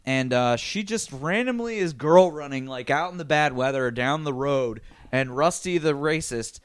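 Casual co-host, male, slightly high voice with big swings in pitch, cursing freely, dry close sound. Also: moderate pace, smooth, no room sound. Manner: animated, swears, laughs often. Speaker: podcast co-host recapping a TV episode. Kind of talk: casual chat.

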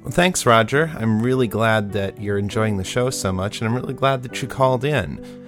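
Playful, low-voiced man hosting a podcast. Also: normal speed, music in the background. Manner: playful, enthusiastic, chatty. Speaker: podcast host. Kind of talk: casual chat reading listener feedback.

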